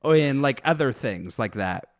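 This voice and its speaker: An American man tells his stories haltingly, stopping often on "like" and "um" as he searches for words. His voice is mid-pitched and recorded dry and close. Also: animated, no echo. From United States. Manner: halting, filler-heavy storytelling. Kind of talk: casual chat.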